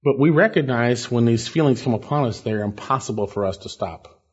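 A man preaching an expository sermon as pastor, emphatic, with sharp jumps in pitch on key words. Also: animated, a little fast, slightly rough. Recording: dull, lo-fi church recording.

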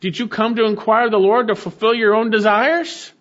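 A man preaching a sermon as pastor, earnest, swinging between emphatic peaks and low, quiet stretches. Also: steady tone, brisk, muffled recording.

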